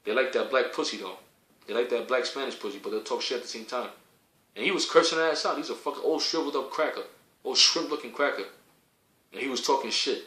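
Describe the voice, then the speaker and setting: Fiery ranting man, bright echoey voice. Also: medium pitch, quick pace. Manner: fiery, profane, repetitive, rising to shouts. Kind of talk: heated preaching rant.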